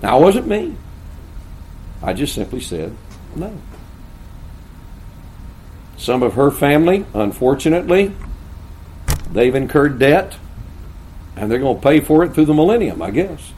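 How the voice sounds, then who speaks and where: A man's voice: medium pitch, big pitch swings, a little slow, pauses often, darkish tone, slight background noise. An older man preaching a sermon to pastors, with earnest, folksy storytelling.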